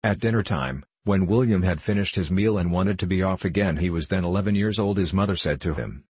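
Deep, husky male audiobook narrator. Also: a little fast, hardly any pauses, a little mellow. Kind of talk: scripted narration of a novel.

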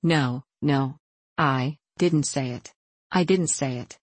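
A woman's voice: extremely low pitch, slow pace, breathy edge, dry recording, heavily acted. A woman voicing a frightened young ballet girl. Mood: hushed, fearful. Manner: hushed, anxious storytelling.

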